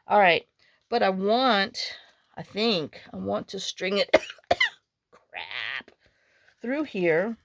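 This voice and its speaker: A woman vlogger chatting casually while making a journal, rambling through stories and muttering to herself as she works. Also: medium pitch. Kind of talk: casual chat while crafting.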